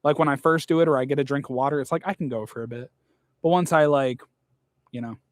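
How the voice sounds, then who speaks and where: A man's voice: mid-range voice, quick pace, no room sound. Blunt young man chatting, dry sound. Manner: blunt, swears often, rambles with "like". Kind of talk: casual chat.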